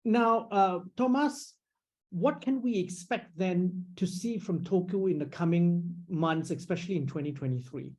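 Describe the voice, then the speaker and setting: Mellow male interview host. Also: high voice, measured pace. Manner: prompting, summarizing questions. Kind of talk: business interview.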